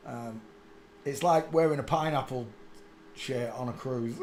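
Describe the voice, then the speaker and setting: A man's voice: medium pitch, a little slow, long pauses. A man talking casually to himself as he searches for pictures on screen, muttering and then bursting out laughing. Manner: rambling, mutters to himself, sudden loud laughing outbursts. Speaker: channel host. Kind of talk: casual commentary while searching images on screen. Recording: echoey room with faint ambient noise.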